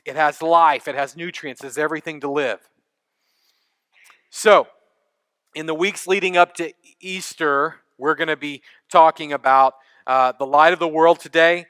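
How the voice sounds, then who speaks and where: Texan preacher, man, crisp bright voice, dry sound, chatty sermon style. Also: a little high, no echo. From East Texas. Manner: conversational preaching, engages congregation. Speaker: pastor.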